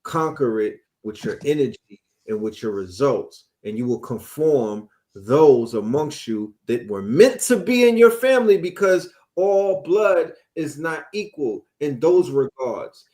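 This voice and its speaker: A man on a panel, speaking in a forceful, preachy and streetwise way. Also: medium pitch. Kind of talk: panel discussion.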